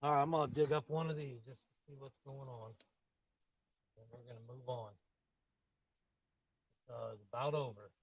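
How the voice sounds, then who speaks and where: Speaking at a medium pitch in a steady tone, this man moves at a moderate pace and pauses often, his voice slightly rough. He's a garden channel host chatting casually with viewers during an outdoor live-stream tour, rambling in a friendly, plain manner. The phone or camera starts on a tripod and goes handheld as he walks, and the audio has its highs cut off.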